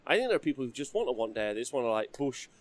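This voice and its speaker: A man hosting a casual hobby livestream, chatty and quick to laugh as he reads out donations. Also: mid-range voice, very animated. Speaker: livestream host.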